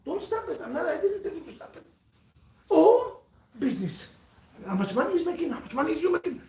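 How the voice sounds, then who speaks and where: High-voiced man preaching animatedly. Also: fairly quick. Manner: animated, preachy, repetitive, calls out to listeners. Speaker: religious speaker. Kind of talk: livestreamed sermon. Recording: echoey room, mic at a distance.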